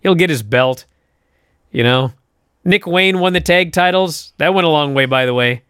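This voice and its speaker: A man co-hosting a casual wrestling podcast, telling a story and acting out the quotes with lively swings. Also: a little high, moderate pace, clean tone, no room sound, studio quality. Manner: animated storytelling, acts out quotes. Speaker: podcast co-host.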